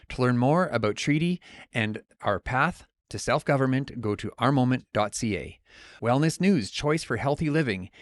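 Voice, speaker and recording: A man hosting a podcast, reading sponsor messages and asking gentle, measured questions. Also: mid-range voice, no room sound, clean studio sound. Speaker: podcast host. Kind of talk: podcast interview and sponsor reads.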